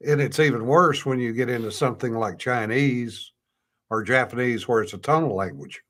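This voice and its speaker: A man's voice: mid-range voice, moderate pace, fairly bright tone. An older man co-hosting a casual podcast, telling rambling stories and chuckling often. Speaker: podcast co-host. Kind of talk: casual chat.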